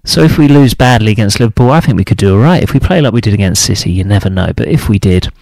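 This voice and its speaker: A man's voice: lively intonation, quick pace, vocal fry, darkish tone, dry recording. Ranting football fan man, dry sound. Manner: frustrated, ranting, mocks other fans in high put-on voices. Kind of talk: opinionated solo talk to camera.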